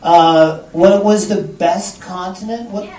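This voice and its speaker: A man from Canada, talking as the guest at a live interview, joking, swearing and acting out quotes in an animated way. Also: sits high, slow. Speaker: guest author. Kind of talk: live interview before an audience. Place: live event in a bar venue. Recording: echoey room, far from the mic, audience noise.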